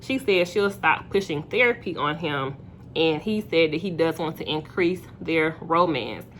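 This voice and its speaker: A woman's voice: deep voice, animated, unhurried, a bit bright, slight background noise. A young woman casually recapping a reality show episode, chatty and opinionated, with plenty of fillers.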